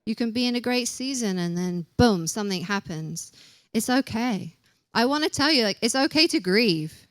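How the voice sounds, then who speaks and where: A woman's voice: on the high side, lively intonation, moderate pace, no room sound, clean studio sound. A young woman preaching a casual sermon in a chatty, self-deprecating way, acting out little quotes as she goes.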